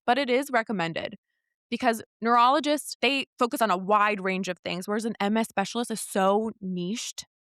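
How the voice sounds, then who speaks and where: A woman's voice: medium pitch, no echo, studio quality. Candid young woman telling her story. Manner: candid, animated retelling with quoted dialogue. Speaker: podcast guest. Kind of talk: casual storytelling conversation.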